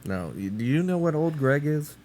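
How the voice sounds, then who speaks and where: A man's voice: fairly high pitch, big pitch swings, normal speed, a little mellow, a little hiss or hum. A man co-hosting a podcast in casual chat, dry and skeptical, mostly giving short replies. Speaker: podcast co-host.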